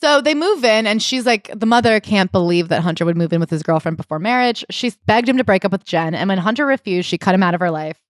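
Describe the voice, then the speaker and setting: A woman's voice: medium pitch, fast talker, hardly any pauses, no echo, clean studio sound. Woman co-hosting a jokey book chat. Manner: animated, jokey, reads passages aloud. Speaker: podcast co-host. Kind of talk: casual book club chat.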